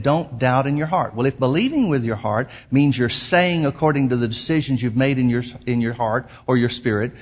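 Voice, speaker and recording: A man preaching a sermon as pastor, emphatic, slowing down to quote scripture. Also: mid-range voice, breathy edge.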